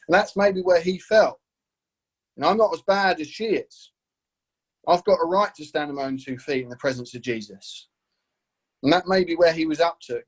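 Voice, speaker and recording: A man's voice: on the high side, moderate pace, pauses often, slightly rough, rough recording. A man preaching an earnest, enthusiastic sermon as pastor, with many rhetorical questions.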